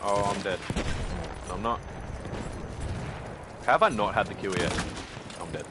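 An Australian man chatting excitably while streaming a shooter game, swinging from loud outbursts to low muttering. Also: measured pace. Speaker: gaming streamer. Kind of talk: live gameplay commentary. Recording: gunfire and battle noise behind.

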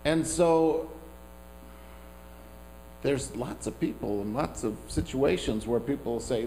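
A man's voice: medium pitch, slow, long pauses, mellow, a little hiss or hum, rough recording. A man preaching a sermon as pastor, talking in a conversational, self-deprecating way with asides to the congregation.

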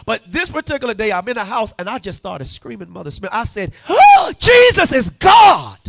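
A male pastor preaching in church, emphatic and call-and-response, rising to shouts. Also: sits high, animated, fast talker, gravelly. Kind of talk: sermon. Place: church sanctuary.

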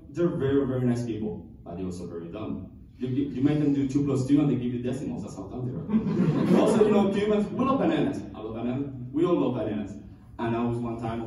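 A young man from Cuba doing a stand-up comedy routine, telling stories with deadpan punchlines and chuckling at his own jokes. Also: medium pitch, slight background noise. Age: young adult. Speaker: student comedian. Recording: echoey room from far off, faint ambience.

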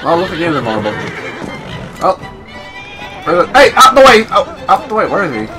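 Excitable young man, very lively pitch. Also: a little fast. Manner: excitable, swearing, talks to himself. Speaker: gameplay commentator. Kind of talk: casual gameplay commentary. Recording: game music playing underneath.

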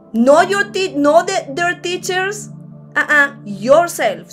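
A woman's voice: high-pitched, a bit bright. A woman preaching a sermon at a church service in a conversational way, often restarting her sentences.

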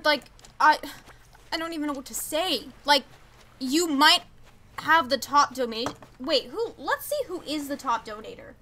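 A young woman streamer with a high, bright voice, chatting casually and gushing over her viewers. She stammers and trips over her words when excited. Soft game music plays faintly behind her. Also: a little slow. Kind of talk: casual live-stream chat.

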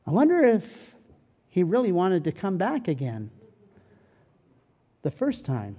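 A man preaching a sermon as pastor, dramatic, moving between loud pleading and a soft, slow hush. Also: sits high, huge pitch swings. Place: church sanctuary. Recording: church hall with long reverb.

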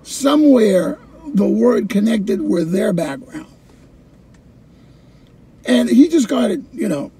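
A middle-aged man, a former ESL teacher, telling his personal story in an animated way, repeating phrases and acting out his own past thoughts. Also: sits high, takes it slowly, long pauses, a little hiss or hum.

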